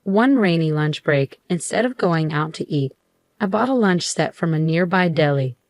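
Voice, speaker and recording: A middle-aged woman telling a first-person story in a steady, measured way. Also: sits low, no echo. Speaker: narrator.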